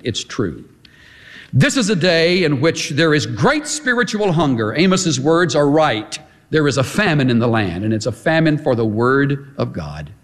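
A man preaching a sermon, impassioned and emphatic, with repeated staccato phrases and swings between quiet low passages and high forceful ones. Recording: long hall reverb.

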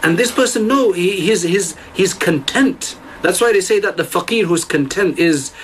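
A man's voice: sits high, expressive, moderate pace, a little hiss or hum, poor audio. Earnest man retelling stories in a lesson. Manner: earnest retelling with frequent restarts; addresses listeners directly. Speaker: religious teacher. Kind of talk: storytelling religious lesson.

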